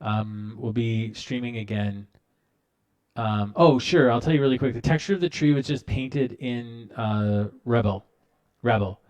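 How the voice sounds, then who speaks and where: A man's voice: mid-range voice, unhurried, a little mellow. A man hosting a casual live-stream art tutorial, talking loosely with many fillers and restarts while he works at his computer.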